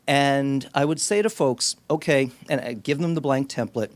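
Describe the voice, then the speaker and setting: A man's voice: mid-range voice, normal speed, no room sound. A middle-aged man, a speech-language clinician, gives an educational talk to an audience in an auditorium and tells stories in a conversational way with frequent restarts. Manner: storytelling, conversational, with many restarts. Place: medical center auditorium.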